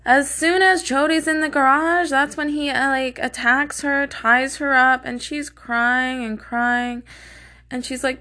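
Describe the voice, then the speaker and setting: A woman's voice: fairly high pitch, fairly even intonation, a little slow, sharp tone. A woman telling a true crime story in a casual, blunt way, swearing often and sounding openly indignant.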